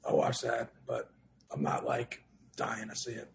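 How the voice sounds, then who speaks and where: A man's voice: mid-range voice, expressive, a little slow, creaky. A man co-hosting a podcast, talking in a laid-back way and swearing casually. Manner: laid-back, swears, laughs while telling stories. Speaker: podcast co-host. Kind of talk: casual chat.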